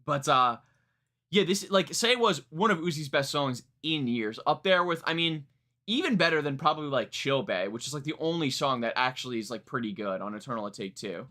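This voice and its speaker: A man's voice: mid-range voice, lively intonation, fairly quick, sharp tone. A man reviewing music on a live stream, chatting casually and rambling, often starting over and laughing at himself. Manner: rambling, many fillers and restarts, laughs at himself. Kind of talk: live stream reaction chat.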